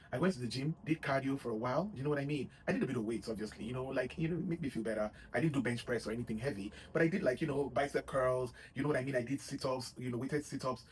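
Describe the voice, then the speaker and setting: Guy talking fast, casual pep talk to viewers, rambly with lots of asides. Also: medium pitch, slight background noise, poor audio. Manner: rambling, full of "you know what I mean" asides. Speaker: vlogger giving gym advice. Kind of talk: casual motivational talk to camera.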